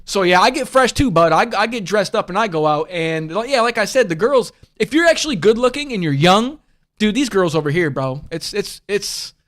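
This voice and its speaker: A man's voice: high voice, expressive, moderate pace, fairly bright tone. A man hosting a casual livestream chat, talking bluntly and profanely and rambling through restarts and fillers. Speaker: livestream host.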